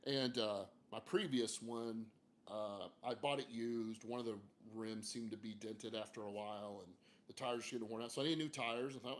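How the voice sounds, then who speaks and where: A man's voice: medium pitch, steady tone, moderate pace, a little hiss or hum. A man livestreaming from an outdoor porch, talking casually and frankly with lots of fillers and some mild cursing. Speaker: therapist hosting a livestream. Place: outdoor porch, hot, under a fan.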